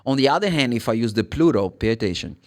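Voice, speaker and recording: A man's voice: mid-range voice, lively intonation, quick pace. A Brazilian man in his thirties, a native Portuguese speaker, giving a casual English pronunciation lesson and repeating each sound with rising emphasis. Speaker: English teacher.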